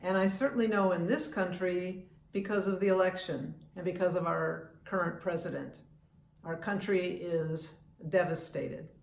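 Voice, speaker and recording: A woman's voice: lowish voice, steady tone, normal speed, vocal fry. Chatty woman in her seventies, echoey room. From United States. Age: 70s. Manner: chatty, opinionated, with frequent restarts. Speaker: vlogger and humorist. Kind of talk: casual talking-to-camera vlog.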